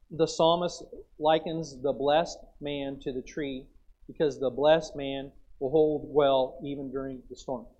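A man's voice: fairly high pitch, a little mellow, muffled recording. A man preaching a sermon in a folksy, storytelling way, with plain asides and Bible quotes. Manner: folksy, acts out chewing sounds.

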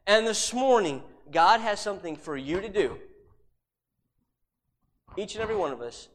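High-voiced man preaching a sermon. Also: lively intonation, moderate pace. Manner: emphatic, with repeated rhetorical questions and sudden drops to a hush.

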